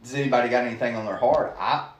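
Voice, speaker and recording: A man giving an earnest, halting testimony of his call to preach, full of restarts. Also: medium pitch, roomy sound. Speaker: guest preacher. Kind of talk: testimony in casual conversation.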